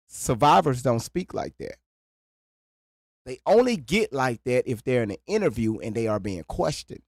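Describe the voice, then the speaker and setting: Very animated and moving at a moderate pace, this live reaction streamer chats loosely, stumbling over and repeating words. He swings from quiet mutters to loud outbursts, captured in a dry, studio-quality recording.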